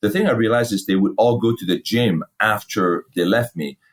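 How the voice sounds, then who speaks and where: A middle-aged man, a fitness company founder, telling his story in a casual interview, animated, swearing freely and acting out old conversations. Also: lowish voice, moderate pace. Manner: animated, swears freely, acts out past dialogue.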